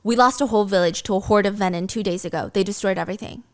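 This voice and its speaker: A woman voicing a stern woman warrior who reports grim news in a low, clipped voice. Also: very fast, lightly acted. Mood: grave.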